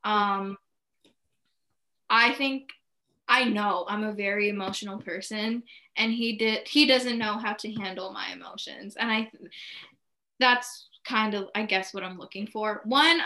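A young woman in casual podcast chat, talking openly in quick bursts full of "like" and restarts. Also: fairly high pitch, bright, forceful tone. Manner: talks in many short bursts filled with "like", candid and emotional. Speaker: podcast co-host.

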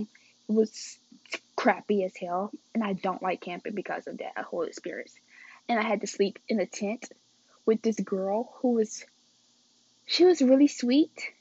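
A woman's voice: medium pitch, darkish tone, breathy edge, no room sound, highs cut off. A teenage girl telling a casual storytime vlog, chatting straight to her viewers and calling them y'all and guys. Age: teens.

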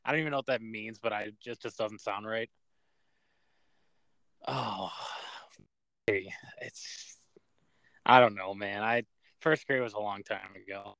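A man's voice: on the low side, steady tone, moderate pace, pauses often, fairly bright tone, smooth, dry recording. A young man co-hosting a podcast, chatting casually, swearing often and laughing at himself. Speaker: podcast co-host. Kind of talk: casual chat.

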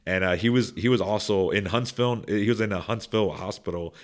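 In a loose podcast chat, a young man with a fairly low voice talks through his opinions at a fairly quick clip. He rambles, restarts sentences and repeats words, then speeds up or gets louder to drive a point home.

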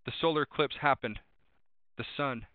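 A male preacher delivers a sermon with emphatic repetition, circling back to the same refrain and reading out scripture references. His voice comes through thin and tinny, like a phone line, in a dry space with no room echo. He sits at a middle pitch for a man. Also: moderate pace, clear, resonant tone. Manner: emphatic, repeats refrains and cites verses.

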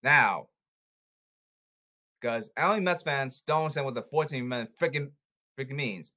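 A man delivers an angry, repetitive rant to the camera, a monologue of emphatic outbursts. His voice is medium-pitched, pushed, and bright, at a normal speed.

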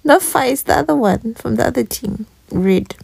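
A woman's voice: on the high side, animated, moderate pace, vocal fry, a little mellow, slightly rough. A woman in laid-back casual chat, laughing along with her partner's teasing.

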